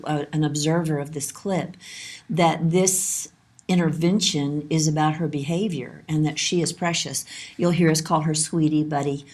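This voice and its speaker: A woman lecturing on child development, calm and explanatory, repeating her key points. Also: deep voice. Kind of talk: instructional lesson narration.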